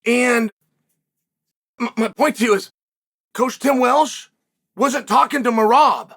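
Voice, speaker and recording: A man's voice: very high-pitched, slow, gravelly, a bit bright. A middle-aged man hosting a commentary monologue for viewers, emphatic, repeating words and asking rhetorical questions. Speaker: host and former fighter.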